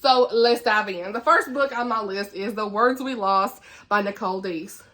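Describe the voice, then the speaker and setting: A woman's voice: medium pitch, moderate pace, a bit bright. A woman with a Southern US accent chatting casually as a book vlogger, laughing often and dropping folksy asides. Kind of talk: casual chat.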